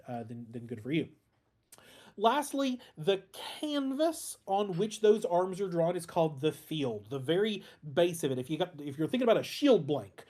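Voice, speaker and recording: A man's voice: a little high, a little mellow. A man teaching a casual online class as instructor, talking informally with frequent ums and restarts and the odd dry joke. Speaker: heraldry instructor.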